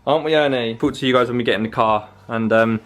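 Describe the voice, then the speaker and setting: A young man chatting casually to camera while in a car, easygoing and relaxed. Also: medium pitch, quick pace, faint music behind. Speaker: vlogger, partner. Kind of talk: casual vlog chat. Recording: car noise behind. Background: car and traffic noise.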